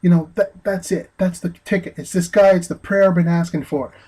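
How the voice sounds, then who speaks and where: Earnest man with halting commentary. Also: high-pitched, fairly even intonation, warm tone, slightly rough, rough recording. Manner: earnest, halting, many restarts. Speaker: vlogger. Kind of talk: opinion commentary monologue.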